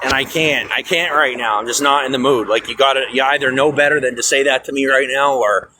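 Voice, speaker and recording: A man's voice: mid-range voice, fairly even intonation, a little fast. Man, angry livestream rant, heavy swearing, stressed, faint background noise. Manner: agitated, swearing, swings loud and quiet. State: stressed and fired up. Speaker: livestream host. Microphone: phone.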